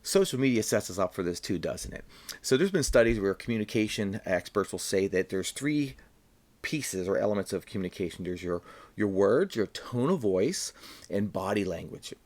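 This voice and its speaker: A man's voice: on the low side, big pitch swings, moderate pace, a little mellow. A man giving a short devotional Bible teaching, earnest and plain-spoken, stressing points by repeating them.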